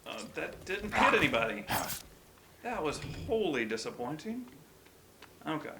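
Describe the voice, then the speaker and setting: A man's voice: fairly high pitch, big pitch swings, normal speed, vocal fry, heavy background noise. A man giving gameplay commentary as a let's-play host, musing wryly and yelping when startled. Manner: wry, self-deprecating musing with sudden startled yelps.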